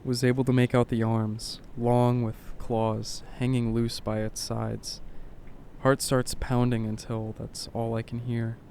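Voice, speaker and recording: A man reading a horror story aloud in short clipped lines, keeping his voice low and subdued. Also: a little mellow, a little hiss or hum. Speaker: narrator.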